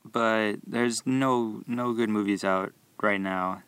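A young man who works at a movie theater concession stand, telling rambling, animated stories about customers and laughing as he goes. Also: fairly low pitch, slow, clean tone, no room sound. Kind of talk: casual storytelling about work.

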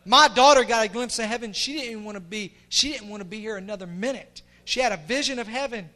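Middle-aged pastor guy preaching, really high voice, gets quiet then yells, all fired up. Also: quick pace. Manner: impassioned, swinging from hushed to shouting. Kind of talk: sermon.

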